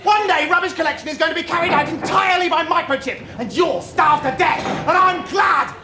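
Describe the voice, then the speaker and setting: An actor playing a vain, pompous, scheming TV star who talks in a theatrical, shouty, mocking way. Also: male voice, very high-pitched, big pitch swings, normal speed, noisy background.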